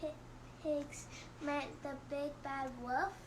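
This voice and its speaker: A woman voicing a small child who haltingly asks for a bedtime story. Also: high-pitched, steady tone, background noise, voice pushed up. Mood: pleading. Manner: hesitant, halting.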